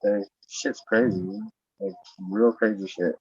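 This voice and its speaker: Low-ish, steady, and unhurried, this man's voice is mellow and slightly rough, with no echo. He's a podcast host chatting casually, profane and rambling, getting louder when acting out his own words, all captured in dull lo-fi audio.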